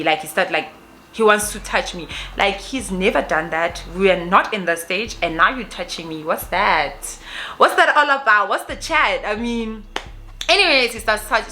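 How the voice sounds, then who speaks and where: Brief: young woman, South African accent, crisp bright tone, animated storytime vlogger. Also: mid-range voice. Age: young adult. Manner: animated, mixes in Zulu phrases. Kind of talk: casual storytelling.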